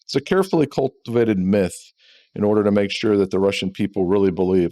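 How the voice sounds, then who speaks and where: A middle-aged former CIA intelligence officer appears as a guest expert on an interview podcast, speaking emphatically. His voice is low-pitched and dark with a quick pace, and he repeats words when he gets fired up.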